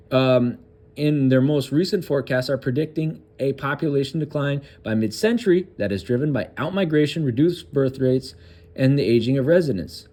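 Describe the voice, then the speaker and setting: A man's voice: medium pitch, a little mellow. Sarcastic man reading news with crude asides. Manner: loose, halting reading with fillers and restarts. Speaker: political commentary host. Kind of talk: reading a news article aloud with commentary.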